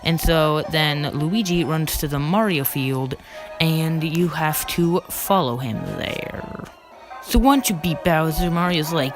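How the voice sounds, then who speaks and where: A casual game-video narrator talks in a loose, rambling way, stumbling and restarting mid-sentence as the recap runs on. The voice sits at a middle pitch. Clear background music plays under the voice-over. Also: slow, rough recording.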